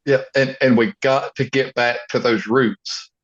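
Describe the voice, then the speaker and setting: A man's voice: medium pitch, steady tone, unhurried, lo-fi sound. A man co-hosting a casual chat as a chiropractor, speaking earnestly and firmly in short affirming phrases. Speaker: chiropractor, podcast co-host.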